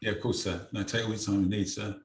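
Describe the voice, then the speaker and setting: A lower-voiced male interviewer speaks from well away from the microphone, so his voice sounds echoey and thin. He keeps his replies short and encouraging. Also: level tone, quick pace, slight background noise. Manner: supportive, brief responses. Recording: echoey, distant from the mic.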